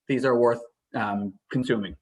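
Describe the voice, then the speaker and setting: A man's voice: mid-range voice, steady tone, moderate pace, darkish tone. A man with an Irish Canadian accent, guest co-hosting a podcast, rambling and joking playfully. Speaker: guest co-host. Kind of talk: casual chat about films.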